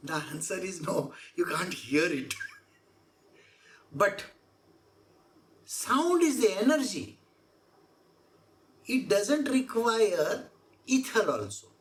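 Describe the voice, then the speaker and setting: A woman's voice: mid-range voice, big pitch swings, takes it slowly, pauses often. A woman explaining scripture verse by verse as a spiritual teacher, repeating her points and asking rhetorical questions. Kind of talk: scripture exposition talk.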